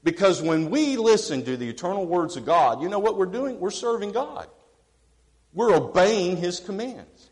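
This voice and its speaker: Animated preacher in a reverberant hall. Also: male voice, sits high, moderate pace. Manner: animated preaching, swings from quiet asides to emphatic declarations; chats with the congregation, asks them questions. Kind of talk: sermon.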